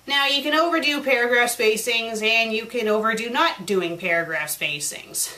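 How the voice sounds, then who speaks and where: A woman's voice: fairly high pitch, moderate pace, sharp tone, low-quality recording. A woman reviewing fan fiction for laughs, sarcastic and exasperated. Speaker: fanfiction critic. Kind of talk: comedic review reading aloud.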